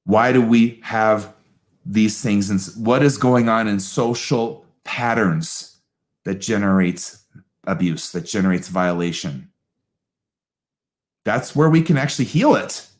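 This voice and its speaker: A man hosting a live astrology talk, answering audience questions in an animated, emphatic way with quick asides. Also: on the low side.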